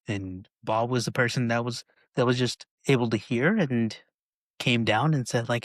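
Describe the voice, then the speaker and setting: Podcast host dude, casual, keeps saying right, dry room. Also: male voice, medium pitch, normal speed, dry recording. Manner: conversational, frequent "right?" tags.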